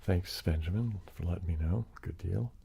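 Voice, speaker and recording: A man hosting a casual ASMR live stream, chatting in a relaxed way and greeting viewers by name while he sounds sleepy. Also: deep voice, normal speed, vocal fry, husky. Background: wood tapping.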